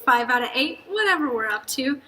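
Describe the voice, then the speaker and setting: A sarcastic, tipsy young man with a dry, deadpan way of talking, as a woman reads him aloud. The voice sits a touch high and sounds very bright. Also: brisk. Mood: impatient.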